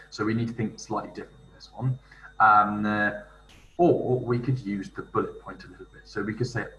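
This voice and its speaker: A man talks through a writing exercise, thinking aloud and reading out foreign phrases slowly and carefully. His voice is bright and forceful, set a bit low. He sits a little back from the mic in a roomy space with faint noise underneath. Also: distant mic. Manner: thinks aloud while typing, reads French phrases slowly. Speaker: language teacher. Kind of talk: screen-recorded tutorial.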